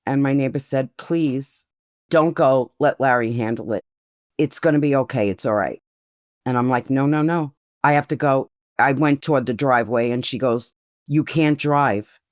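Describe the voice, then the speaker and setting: A woman in her sixties slowly recounting a painful personal memory in an interview, often quoting what others said. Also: a bass voice, no echo, studio quality. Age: 60s. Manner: slow, grief-laden retelling, quoting others' words. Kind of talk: personal testimony.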